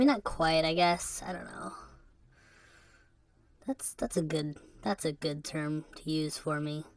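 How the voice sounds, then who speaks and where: A woman talks alone into a podcast mic in a fairly low voice. She sounds depressed and subdued, and her confessional monologue is halting and rambling. Rueful laughs break up her sentences. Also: steady tone. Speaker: podcast host. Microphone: podcast microphone.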